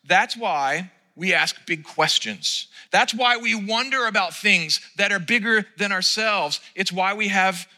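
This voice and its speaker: A man's voice: high-pitched, measured pace, few pauses, pushed and bright. A man preaching a sermon from the stage of a church, opening with a playful story and then speaking earnestly. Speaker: pastor. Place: church sanctuary. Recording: long reverb in a church hall.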